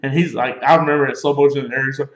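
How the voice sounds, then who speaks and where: A man's voice: mid-range voice, fairly even intonation, very fast. A man in his thirties hosting, telling a joking, profane story. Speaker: podcast host. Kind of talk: casual storytelling chat. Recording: echoey room, dull lo-fi sound.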